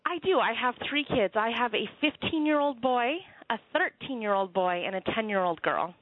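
A woman's voice: fairly high pitch, expressive, normal speed. Woman on a tinny phone line. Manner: chatty, joking, lots of fillers and laughs. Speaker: author guest on phone. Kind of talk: phone interview.

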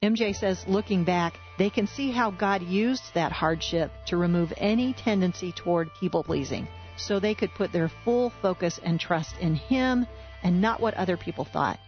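A woman's voice: lowish voice, normal speed, dull audio, faint music behind. A woman host narrating and summarizing a couple's story. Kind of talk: scripted narration.

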